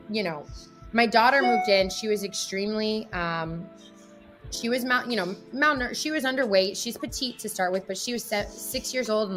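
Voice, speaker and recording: A woman's voice: mid-range voice, fairly bright tone. A woman guest talking candidly in an interview, emotional and rambling, with many fillers. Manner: emotional, rambling, heavy use of "like" and "you know". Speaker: guest, athlete and mother.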